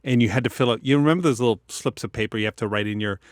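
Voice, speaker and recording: A man's voice: mid-range voice, very fast, dry recording. Canadian guy on a podcast, stuttery tic-y speech, very dry close mic. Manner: stutters and repeats sounds from Tourette's; animated, acts out voices in stories. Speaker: podcast co-host. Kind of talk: personal storytelling in casual chat.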